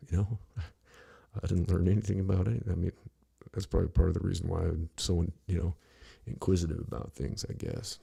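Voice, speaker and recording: A low, gravelly middle-aged man talks loosely on a podcast. His voice is dark and a little husky, and he swears freely while circling around his point with constant "you know"s. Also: flat delivery, fast. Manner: rambling, blunt and profane, full of "you know". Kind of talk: casual podcast conversation.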